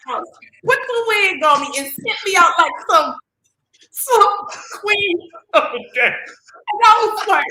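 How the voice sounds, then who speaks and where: A woman, a guest on a talk show, telling a story in a casual, animated way and acting out the dialogue. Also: very high-pitched, slow pace, pauses often, echoey room, low-quality recording. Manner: animated, acts out quoted dialogue.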